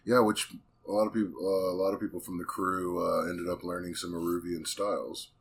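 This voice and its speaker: Male podcast host with a very low voice, loose and joking, faint background hum. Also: little pitch movement, brisk. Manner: joking, loose, swears casually. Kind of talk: casual podcast chat.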